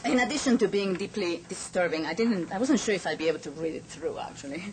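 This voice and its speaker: A woman lecturing at an academic forum in an earnest, emphatic way. Her voice sits on the low side, and a faint hiss runs underneath. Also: animated, quick pace, low-quality recording. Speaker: academic speaker. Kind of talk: conference lecture.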